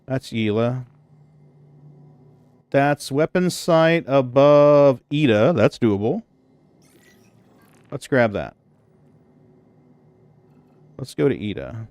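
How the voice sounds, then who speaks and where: Grumbling male game streamer, mid-pitched. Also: expressive, very slow, long pauses, darkish tone, no echo. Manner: blunt, swears, grumbles about game mechanics; coos baby talk to his cat. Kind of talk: casual live-stream chat.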